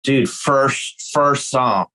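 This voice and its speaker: A man telling tour stories with a lot of energy, his pitch jumping high whenever he acts out what someone said. He swears freely and laughs through his own stories, a musician in a loose podcast chat. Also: very slow, sharp tone, poor audio. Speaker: guest guitarist.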